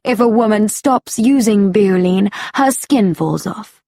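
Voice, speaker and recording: A woman voicing a cruel, vain villainess with stone-hard skin in a slow storybook reading for learners, cold and taunting. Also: medium pitch, creaky, mellow, dry recording, studio quality.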